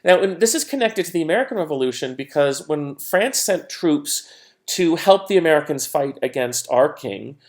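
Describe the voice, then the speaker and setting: A man's voice: on the high side, lively intonation, moderate pace. A man giving a recorded history lecture in a casual, conversational way, with frequent fillers and playful quoted voices. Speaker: history teacher.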